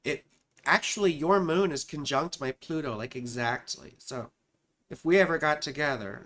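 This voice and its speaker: Her low, slightly bright voice is animated and moves at a normal speed as she runs a live stream reading viewers' astrology charts. The woman astrologer is warm and talkative, calling people sweetheart and darling and thinking out loud while she hunts for their charts.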